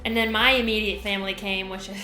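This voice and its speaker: A young woman co-hosting a couple's vlog, chatting casually in a relaxed, halting way. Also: medium pitch, roomy sound. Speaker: vlog co-host. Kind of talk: casual chat.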